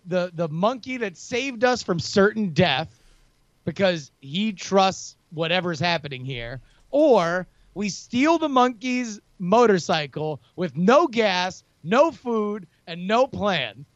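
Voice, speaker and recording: High voiced guy arguing during an rpg, all over the place pitchwise, dull lo-fi sound. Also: no room sound. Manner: argumentative, hesitant fillers. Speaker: player. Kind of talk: tabletop role-play banter.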